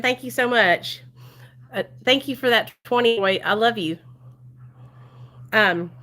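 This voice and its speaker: A woman's voice: mid-range voice, a bit bright, slight background noise. A woman in her thirties with a Southern US accent, chatting casually and affectionately on a live stream from home, laughing often.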